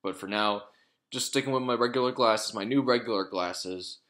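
Rambling low-voiced man vlogging. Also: moderate pace, fairly bright tone. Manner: rambling, swears freely, many fillers and restarts. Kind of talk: casual talking-head vlog.

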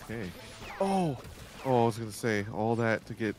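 A man's voice: medium pitch, very animated, normal speed, a little mellow. A man chatting casually while playing a video game, joking, laughing often and swearing freely. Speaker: let's play co-host. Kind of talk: casual gaming chat.

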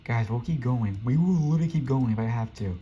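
Animated and quick, a young man with a mellow mid-range voice gives loose, rambling game commentary as he streams, often frustrated and speaking to himself. The sound is dull and lo-fi, with a faint hiss.

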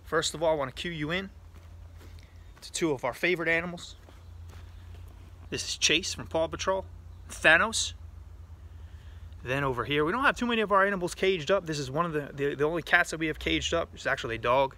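A man's voice: fairly high pitch, brisk, long pauses, sharp tone, voice pushed up. A man doing a brash big-cat zoo owner. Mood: boastful. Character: showy male big-cat sanctuary owner, boastful. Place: outdoors on a home property. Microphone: phone held at arm's length.

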